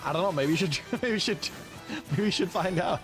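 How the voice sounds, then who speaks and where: A young man streams a video game tournament, commentating with excited exclamations, laughter and quick character voices. His voice sits high, and game music plays in the background.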